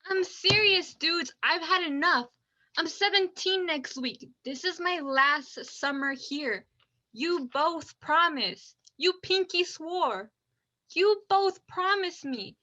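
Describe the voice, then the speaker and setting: A woman's voice: very high-pitched, bright, forceful tone, muffled recording, heavily acted. A woman playing an exasperated teenage girl. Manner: blunt, impatient, fast when listing. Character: exasperated teenage daughter, about to turn seventeen. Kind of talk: amateur radio-play acting.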